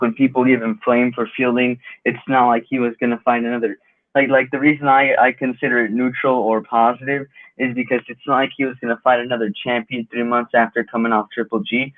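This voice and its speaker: A man on the panel speaks over a thin, phone-like line with a dry sound. His delivery is fairly flat and thoughtful, with plenty of "like" fillers as he lays out his point. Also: medium pitch, no room sound. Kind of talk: casual sports talk. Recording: tinny phone-like call line.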